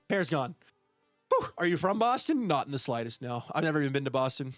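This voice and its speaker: A man's voice: fairly high pitch, very animated, fairly quick, music in the background. A man streaming a building game live, chatting casually and reading out and thanking viewers by name. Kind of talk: live gameplay stream chat.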